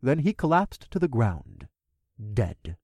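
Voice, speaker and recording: A man's voice: medium pitch, sing-song, takes it slowly, darkish tone, dry recording, studio quality. A man giving wry, first-person audiobook narration.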